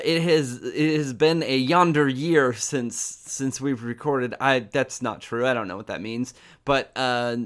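A man's voice: medium pitch, a bit bright. A young man co-hosting a comedy podcast in casual chat, wry and mock-exasperated with stammering restarts. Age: young adult. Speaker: podcast co-host.

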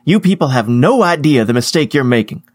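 A man's voice: mid-range voice, expressive, a little fast, no echo, natural voice. A man doing a wild, out-of-time stranger with a strange old-fashioned foreign accent, languid yet demanding and full of threats. He sounds close and dry, with nothing around him, in a middle register. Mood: threatening.

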